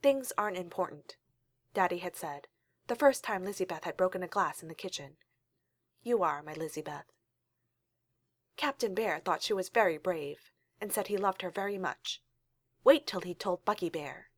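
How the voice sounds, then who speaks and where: A woman reading a story aloud in a calm, steady storytelling manner. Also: on the low side, moderate pace, no echo. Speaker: reader.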